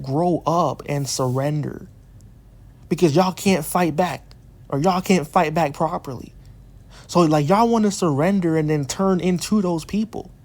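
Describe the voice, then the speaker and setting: A man's voice: sits high, darkish tone. Heated man ranting to viewers. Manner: frustrated, repetitive rhetorical questions, swearing; restarts and repeats phrases while worked up. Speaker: YouTuber addressing his community. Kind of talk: heated monologue rant.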